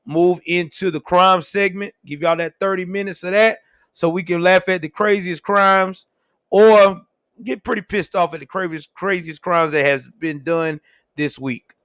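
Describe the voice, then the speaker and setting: A young man hosting a livestream, telling a story in a casual, laughing, animated way. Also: high voice, measured pace, no room sound. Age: young adult. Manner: laughs often, animated, swears freely. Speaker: show host.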